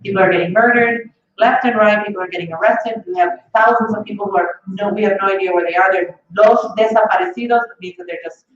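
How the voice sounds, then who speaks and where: A woman from Colombia performs stand-up on a club stage, animated and quick to laugh at her own lines. Her voice sits in a middle register. It comes from some way off the mic, in a very echoey room with a dull, lo-fi sound. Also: medium pitch, far from the mic. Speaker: stand-up comedian opening an open mic. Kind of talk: stand-up comedy set.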